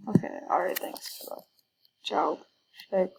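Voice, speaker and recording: A woman's voice: medium pitch, completely flat delivery, slow pace, gravelly, long pauses, darkish tone, rough recording. A woman giving hesitant, casual commentary while playing a video game, full of fillers and whispered asides. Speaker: gaming video creator.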